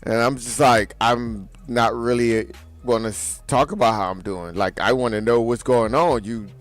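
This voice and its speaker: A man's voice: mid-range voice, fairly even intonation, normal speed, soft background music. A man co-hosting a radio show, telling a story in casual chat, laughing often and acting out the voices of the people in it. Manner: laughs through his story, acts out quoted dialogue.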